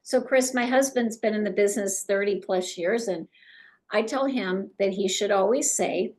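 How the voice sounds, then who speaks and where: A middle-aged woman coaching real estate agents in an animated way, acting out conversations with clients. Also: mid-range voice, moderate pace.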